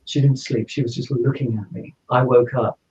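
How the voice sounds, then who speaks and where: A man, a podcast guest, telling a personal story in an animated way and acting out the dialogue. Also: mid-range voice, moderate pace, a little hiss or hum. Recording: slightly dull lo-fi audio.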